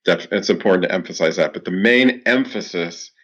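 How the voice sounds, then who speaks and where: Very deep-voiced man explaining. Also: fairly quick, fairly bright tone, rough recording. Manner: explanatory, many "you know" fillers. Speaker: clinical psychologist guest. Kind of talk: interview answers.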